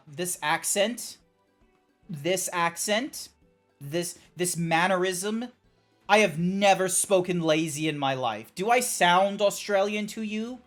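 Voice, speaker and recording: A man streaming a video game, chatting casually with an animated, playful manner and exasperated little outbursts. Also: high voice. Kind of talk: casual gameplay stream chat. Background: faint chill background music.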